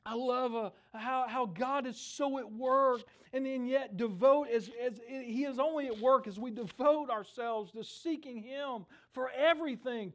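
Middle-aged guy preaching, animated, acts out the story voices. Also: very high voice. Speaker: pastor. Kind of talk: sermon.

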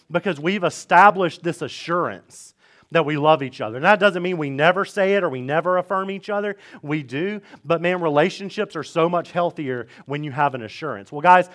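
A man's voice: a little high, fairly bright tone. A man, preaching a sermon in a church in a casual, conversational way and repeating key points for emphasis. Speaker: pastor. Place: church sanctuary.

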